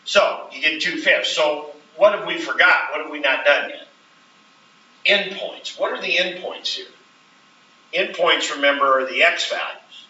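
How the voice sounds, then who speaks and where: A man teaches a classroom, walking the students through each step and checking in with them again and again. His voice is very bright and sharp, picked up from across a roomy classroom. The recording sounds dull and slightly muffled, with faint hiss underneath. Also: fairly high pitch, measured pace, far from the mic. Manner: explains step by step, checks in with frequent "right?". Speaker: math teacher. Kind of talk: classroom lecture.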